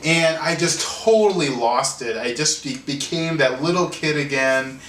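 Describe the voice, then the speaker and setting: A man, an artist and author, telling a story in an interview in an animated way, often restarting and repeating words. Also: on the high side, unhurried, slight background noise. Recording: roomy sound from a distance, faint ambience.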